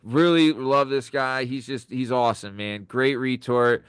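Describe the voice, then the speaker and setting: A man's voice: mid-range voice, a little slow, smooth, dry recording. Upbeat man with a resonant voice. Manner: excitable, joking, profane. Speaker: podcast host. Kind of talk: casual podcast banter.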